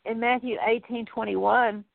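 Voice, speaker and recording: A woman's voice: fairly high pitch, fairly even intonation, measured pace, creaky, no room sound. A woman giving a Bible teaching, reading verses aloud and then explaining them plainly, with small restarts. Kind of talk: scripture teaching sermon. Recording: dry phone-like line.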